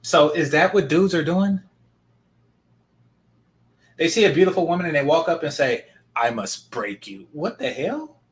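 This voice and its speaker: A man's voice: on the high side, animated, normal speed, pauses often. A man commenting on a video clip in a blunt, sarcastic, casual way.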